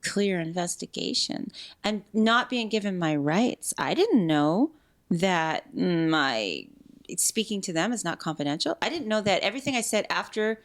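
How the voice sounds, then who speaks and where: Woman guest, candid interview, lively and expressive, mid-range voice, quick restarts, acts out quotes. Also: medium pitch. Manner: animated, fast restarts, acts out quoted speech. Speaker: podcast guest.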